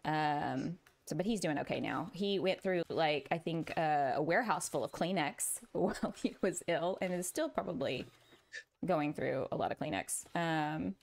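A woman's voice: low voice, moderate pace, vocal fry. A woman with a Southern US accent, streaming a building game and chatting casually with viewers while laughing often. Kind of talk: casual chat.

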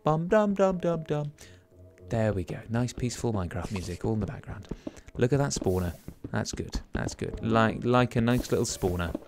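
A young man, chatting casually to himself as he plays a game, rambling and breaking into sudden excited exclamations. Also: on the low side, brisk, over music. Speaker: let's play gamer. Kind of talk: casual gameplay commentary.

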